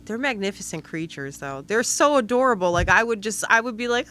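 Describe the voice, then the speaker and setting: Woman podcast co-host, animated pitch, giggly, exclaims a lot. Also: fairly quick. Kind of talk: casual chat.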